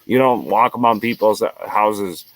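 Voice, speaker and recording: This show host is a man from the United States whose voice sits on the low side, and he speaks unhurriedly. Alone on his program, he delivers a heated, profane tirade that keeps circling back to the same lines.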